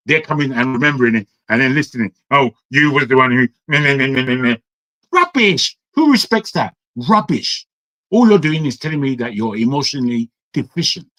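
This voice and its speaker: A man from England speaking in an online discussion, defiant and forceful, firing heated rhetorical questions. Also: medium pitch, dry recording, rough recording. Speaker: audience speaker. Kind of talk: impassioned talk on an online call.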